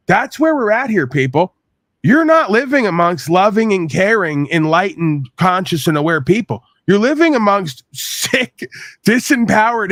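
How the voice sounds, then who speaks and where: A New York-raised man hosts a podcast and rants crudely and at length, venting without a filter. His voice sits fairly high for a man. The sound is dry, with no room echo. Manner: crude, rambling, animated venting. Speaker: podcast host. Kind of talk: profane ranting monologue.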